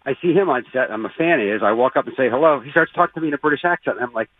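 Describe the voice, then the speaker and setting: Actor guest, husky voice, swinging pitch, heard over a phone-like line. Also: male voice, rapid-fire, no room sound. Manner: animated, showman-like storyteller. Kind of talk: casual radio interview.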